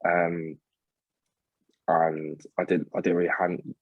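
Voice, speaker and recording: Young guy, podcast guest; deep, husky, dry close sound; halting, blunt, some swearing. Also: little pitch movement, no echo, narrow, tinny audio. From England. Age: young adult. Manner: halting, full of fillers and restarts, blunt with swearing. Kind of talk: candid personal storytelling.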